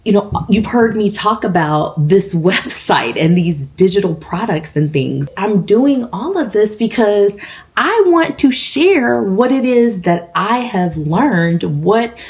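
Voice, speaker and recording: A woman's voice: medium pitch, expressive, slow, darkish tone, slightly rough. A woman, chatting casually to viewers in a vlog, with lots of fillers. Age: 50s. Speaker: vlogger.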